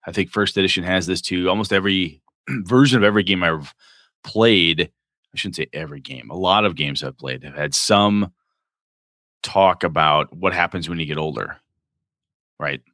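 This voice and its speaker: A man's voice: low-pitched, normal speed, pushed and bright, no echo, studio quality. A man co-hosting a podcast, chatting casually and rambling about role-playing games as he thinks aloud. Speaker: podcast co-host.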